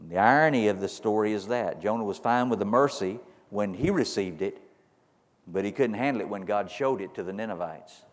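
A man preaching a sermon as pastor to his congregation, firing repeated rhetorical questions that build to emphatic peaks. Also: lowish voice. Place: church sanctuary. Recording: long reverb of a large hall.

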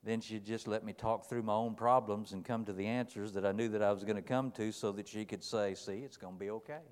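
A middle-aged man preaching a sermon, folksy, telling stories and asking rhetorical questions, moving between quiet and loud. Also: fairly low pitch, steady tone, fairly quick, clear, resonant tone. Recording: long hall reverb.

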